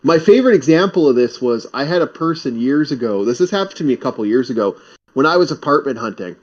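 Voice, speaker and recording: A man's voice: mid-range voice, expressive, quick pace, dull audio. A man streaming, chatting casually and telling stories bluntly, swearing freely. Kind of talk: casual chat, storytelling.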